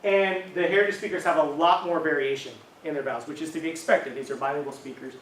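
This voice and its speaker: A man's voice: on the high side, fairly even intonation, quick pace, a bit bright, slight background noise. Man lecturing casually in an echoey room. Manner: casual, conversational lecturing with frequent "um", "right?". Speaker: university linguistics lecturer. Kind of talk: academic talk. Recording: echoey room, mic at a distance.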